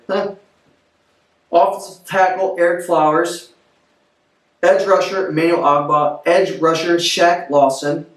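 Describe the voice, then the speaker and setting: A man giving blunt, offhand, opinionated football commentary in a vlog. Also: a little high. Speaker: sports vlogger. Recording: roomy echo, distant from mic.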